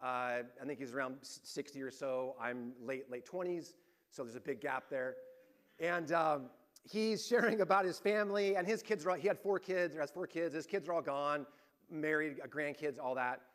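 High-voiced male pastor preaching. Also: moderate pace. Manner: lively storytelling, swings between rising emphasis and hushed points. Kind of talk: sermon.

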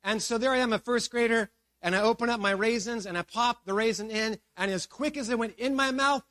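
High-voiced man preaching, chatty storyteller. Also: fairly quick, a bit bright, no echo. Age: 40s. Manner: conversational storytelling, reads scripture then retells it casually with asides. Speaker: pastor. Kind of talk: sermon.

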